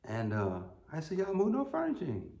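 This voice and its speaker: A man's voice: fairly high pitch, huge pitch swings, fairly quick, dark tone. A middle-aged American man preaching a sermon as pastor, telling folksy, humorous stories with emphatic peaks. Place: church sanctuary. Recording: roomy church sound.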